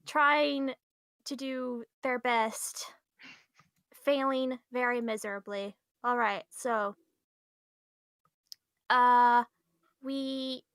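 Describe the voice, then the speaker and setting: A woman's voice: high voice, a bit bright, clear, resonant tone, no echo. A woman casually recapping a tabletop game session for her group, in a laid-back, playful way. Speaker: player giving the session recap.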